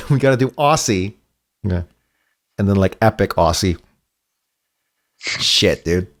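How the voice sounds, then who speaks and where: A man's voice: on the low side, expressive, slow. A man co-hosting a casual podcast, reading a comic aloud and joking around in a laid-back way.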